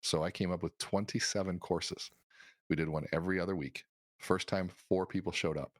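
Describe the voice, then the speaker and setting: A middle-aged man, a guest on a podcast, telling stories in a casual, animated way and acting out the dialogue. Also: low voice, brisk, no echo, studio quality. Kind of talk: casual storytelling.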